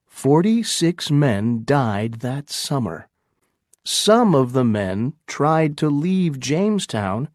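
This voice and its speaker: Slow, clear male storybook narrator. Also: medium pitch, darkish tone, no room sound, studio quality. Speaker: audiobook narrator. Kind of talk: scripted narration for learners.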